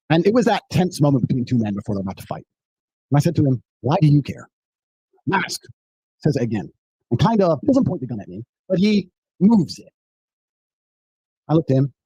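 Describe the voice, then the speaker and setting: A man telling a story in casual podcast talk, animated, brash and profane. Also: mid-range voice, slightly rough, no room sound, rough recording.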